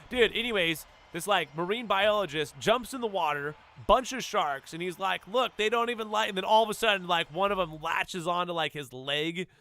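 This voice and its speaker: A man's voice: high-pitched, moderate pace, few pauses, sharp tone. Rambling laid-back male streamer. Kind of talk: casual stream chat while gaming.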